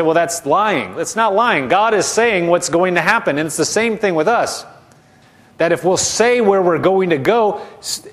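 Emphatic man preaching a sermon. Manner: emphatic, repeats phrases, drops soft and low when modeling declarations.

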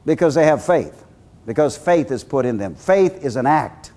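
A man preaching a sermon, telling stories in an animated way and acting out the voices. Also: mid-range voice, normal speed. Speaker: guest preacher.

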